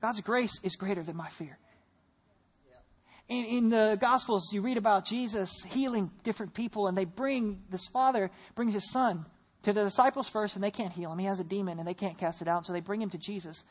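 A woman preacher giving a sermon, retelling scripture with animated storytelling and rhetorical questions. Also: medium pitch, fairly quick.

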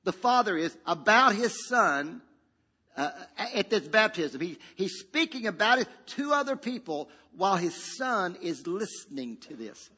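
A man's voice: sits high, big pitch swings, unhurried, pushed and bright, breathy edge, in a large hall. A man preaching a sermon as pastor, emphatic and repetitive, leading the congregation in call-and-response.

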